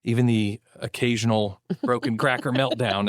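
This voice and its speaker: A man co-hosting a podcast, chatting in a relaxed, friendly way. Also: fairly low pitch, normal speed, dry recording, studio quality. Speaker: podcast co-host. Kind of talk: casual podcast chat.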